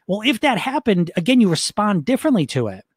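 Guy coaching folks in a chill talk, kinda higher voice, keeps asking "right?", dry close sound. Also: sing-song, quick pace, slightly rough, no room sound. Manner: conversational, often checks in with the listener; frequent restarts and fillers. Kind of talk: casual teaching talk.

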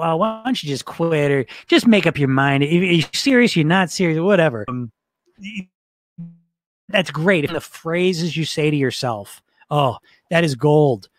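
A man coaching a live online session, reading viewer comments and talking in an upbeat, rambling way with frequent restarts and laughs. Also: on the high side. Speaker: weight-loss coach.

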